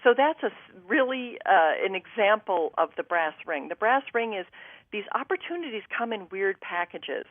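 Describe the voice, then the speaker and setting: A woman's voice: mid-range voice, big pitch swings, moderate pace, no room sound, phone-quality sound. A woman guest telling a personal story on a talk show, acting out her own thoughts and what others said to her.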